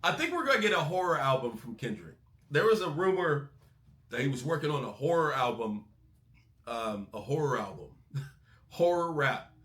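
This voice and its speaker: A man hosting a music breakdown channel, talking in a casual, excitable, profane way. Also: medium pitch, normal speed, echoey room. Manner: animated, excitable, swears freely. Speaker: music reaction host.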